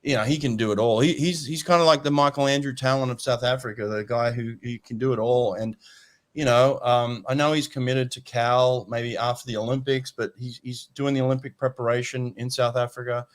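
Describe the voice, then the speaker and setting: A man hosts a laid-back conversation. He rambles, doubles back on his words and calls everyone mate. His pitch sits in an ordinary middle range. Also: steady tone, a little fast. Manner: rambling, repeats words, says "mate" often. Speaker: podcast host. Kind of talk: casual chat.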